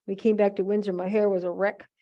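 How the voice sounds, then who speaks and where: A woman's voice: medium pitch, level tone, fast, highs cut off. An older woman from the United States, a chatty storyteller who acts out the other voices while she demonstrates a craft. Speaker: craft demonstrator at a museum holiday event.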